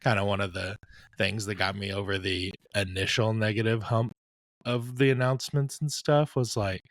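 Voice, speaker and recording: A man's voice: lowish voice, steady tone, normal speed, a bit bright, no room sound. A man co-hosting a podcast, talking in a reflective, easygoing way. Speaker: podcast co-host. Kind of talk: casual podcast chat.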